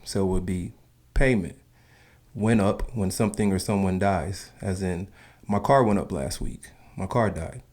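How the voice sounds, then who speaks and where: Deep-voiced man narrating. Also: moderate pace, a little mellow. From Southern United States. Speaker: video narrator. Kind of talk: informal explainer narration.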